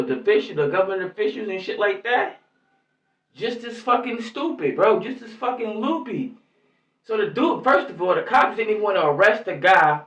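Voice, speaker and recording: A man's voice: high voice, a bit bright. A man giving angry, rambling vlog commentary in heavy street slang, cursing constantly. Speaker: YouTube commentator. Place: lives in New York. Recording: echoey, distant, muffled lo-fi sound.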